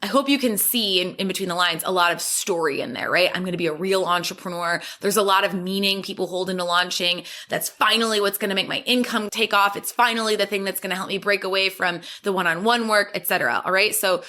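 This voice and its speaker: A woman's voice: medium pitch, quick pace, hardly any pauses, bright, forceful tone. A woman hosting a solo business podcast, giving an upbeat, encouraging talk and acting out her clients' anxious inner voices. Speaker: podcast host and business coach.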